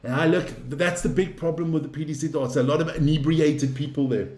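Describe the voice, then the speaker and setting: A man hosting a casual live stream, rambling, swearing freely and getting excitable. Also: on the high side, a little fast, echoey room.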